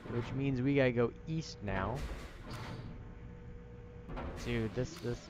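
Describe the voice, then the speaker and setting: A gaming streamer with a mid-range voice speaks slowly over background music in casual let's-play commentary late at night. He sounds tired, laid-back and self-deprecating as he plays.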